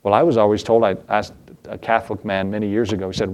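A man delivers an evening church sermon as the preacher. He fires off rhetorical questions that climb in pitch and repeats key phrases to press his point home. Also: flat delivery, quick pace, darkish tone, slight background noise.

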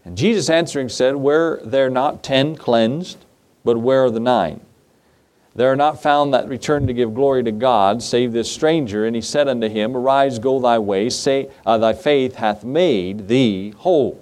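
A man's voice: mid-range voice, a little slow, a little mellow. A man preaching a sermon, reading scripture and telling a folksy story in a conversational way. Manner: folksy and conversational, acts out voices in his story. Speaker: pastor.

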